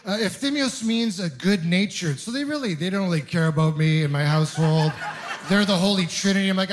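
A man in his thirties from Ontario doing a stand-up comedy set, telling stories deadpan with quick voiced asides. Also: high-pitched, background noise. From Ontario, Canada. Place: comedy club stage with a live audience laughing.

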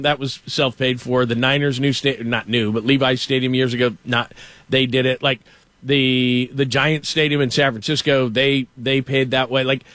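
A man's voice: mid-range voice, a bit bright, no echo. A man hosting a casual sports talk show, ranting with animation and mock quotes. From Los Angeles. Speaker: show host.

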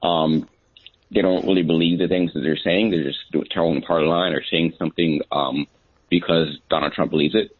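Very deep, raspy man on a phone line. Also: steady tone, fairly quick, no echo. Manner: hesitant, many "um" and "like" fillers. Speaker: caller. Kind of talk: phoned-in question.

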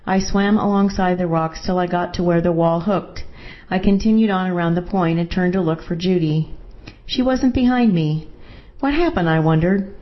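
Woman, low voice, steady narration, first-person story reading, muffled lo-fi recording. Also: moderate pace.

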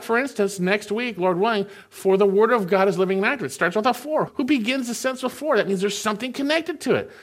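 A man preaching a sermon, reading scripture slowly and then explaining it in a conversational way. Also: high voice, a bit bright. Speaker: pastor.

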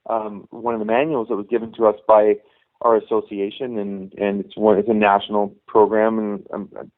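A middle-aged man, a youth hockey coach, telling his story in an animated, casual way as an interview guest. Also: fairly low pitch, moderate pace. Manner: animated, voices quoted dialogue. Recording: phone-like narrow band.

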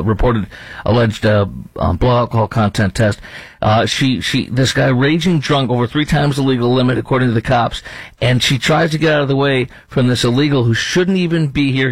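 A man's voice: medium pitch, no room sound, poor audio. A man hosting talk radio, delivering an indignant, ranting monologue with lots of repetition and fillers.

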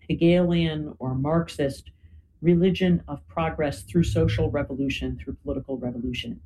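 A woman's voice: low voice, mellow, a little hiss or hum, low-quality recording. A woman explaining history in a conversational talk, often adding "you know" and "right?". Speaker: guest speaker.

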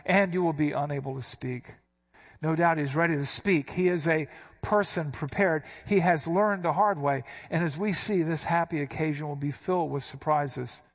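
A man with a slightly higher-than-usual voice preaching a verse-by-verse sermon. He explains Greek word meanings in a conversational way and gives quoted lines a sharp, emphatic punch. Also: normal speed. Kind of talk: expository sermon.

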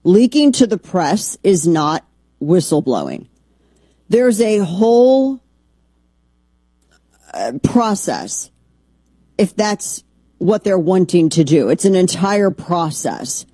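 A woman's voice: fairly low pitch, big pitch swings, slow, long pauses, mellow, slightly rough, dry recording. A middle-aged woman hosting a political talk radio show, combative and sarcastic in her monologue.

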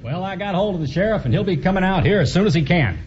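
An actor playing a genial 1920s farmer with an easygoing country drawl, in a radio drama. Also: male voice, sits high, expressive, quick pace, a little mellow. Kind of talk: 1940s radio acting. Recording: dull lo-fi radio recording, faint hiss.

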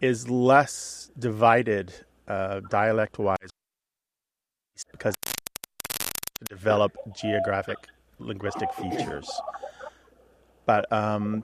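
Gravelly-voiced man explaining on radio. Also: lowish voice, a little hiss or hum. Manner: explanatory, lively, chuckles often. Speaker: co-host answering language questions. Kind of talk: radio call-in chat.

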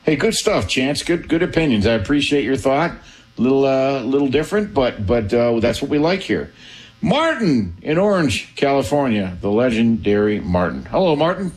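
A man's voice: mid-range voice, very animated, normal speed. A man hosting a call-in sports radio show, affable and chatty, often repeating his first words as he starts a thought.

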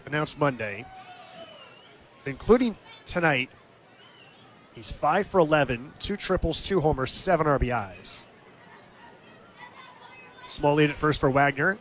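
A man calling live baseball play-by-play in a steady, conversational way, lifting his voice briefly when the action comes. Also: medium pitch, slight background noise. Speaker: play-by-play announcer. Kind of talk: live baseball radio commentary.

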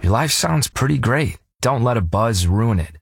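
A male announcer reading a public service ad in a calm, close voice-over. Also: medium pitch, moderate pace, creaky. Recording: voice-over over loud music.

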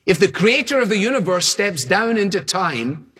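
A man preaching a sermon in a husky, slightly breathy voice that sits a little higher than most men's. He builds his points through emphatic repetition, stacking one short phrase on the next. His delivery is that of a preacher walking a congregation through scripture. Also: sing-song, normal speed, fairly bright tone, big-room sound.

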